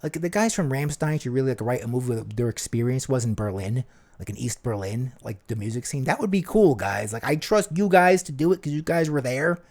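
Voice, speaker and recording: A man's voice: medium pitch, lively intonation, fairly quick, darkish tone. A man co-hosting a podcast, chatting casually in a jokey, rambling way with lots of "like.". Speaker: podcast co-host. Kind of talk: casual chat.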